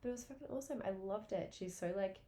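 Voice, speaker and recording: A woman's voice: mid-range voice, fast talker, warm tone, a little hiss or hum. A woman in her late twenties hosting a casual solo podcast, telling stories in a chatty way and swearing freely. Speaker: podcast host.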